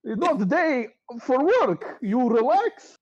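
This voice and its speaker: A man's voice: very high voice, sing-song, slow, voice pushed up, exaggerated voice. A man voicing a bulky, nervous male tavern keeper who speaks broken English and stammers, on slightly dull audio. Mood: urgent.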